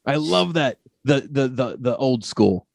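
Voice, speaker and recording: Male podcast host, mid-pitched voice, dry close recording, chatty, joking. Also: expressive, gravelly, no echo. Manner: chatty and jokey, quick to laugh. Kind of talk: casual podcast chat.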